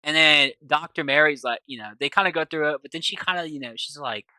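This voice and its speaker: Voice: medium pitch, fast, sharp tone, no room sound. A film reviewer retelling a movie scene casually, rambling with lots of filler words and profanity.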